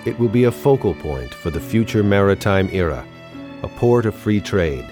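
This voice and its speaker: A man reading a scripted documentary narration in a solemn, measured way. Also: lowish voice, expressive, music in the background.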